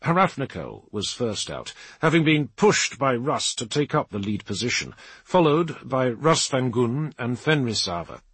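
A man narrating an action audiobook in a dramatic, lively reading. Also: medium pitch, a little slow, slightly rough, no echo. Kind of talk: scripted narration.

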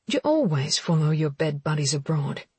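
A woman doing a sharp-tongued fiery woman. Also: sing-song, moderate pace, breathy edge, no room sound, exaggerated voice. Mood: biting. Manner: higher, biting and sarcastic.

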